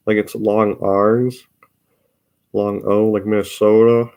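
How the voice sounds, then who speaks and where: Young man, Upper Midwest accent, low voice, unhurried rambling vlog delivery with stretched vowels. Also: level tone, warm tone. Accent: Upper Midwest American. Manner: rambling, drawn-out vowels, repeats words. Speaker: vlogger. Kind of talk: casual solo vlog.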